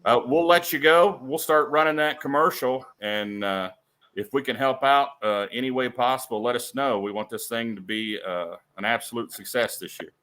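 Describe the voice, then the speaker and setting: A man's voice: mid-range voice, normal speed, bright, forceful tone. A man co-hosting a casual chat, friendly and promotional. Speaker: show host.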